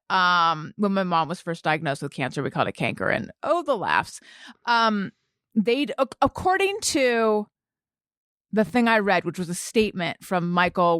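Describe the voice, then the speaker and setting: Teasing woman, lively voice, dry sound. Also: mid-range voice, no room sound. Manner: teasing, laughs often, quick asides. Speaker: podcast co-host. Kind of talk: casual chat.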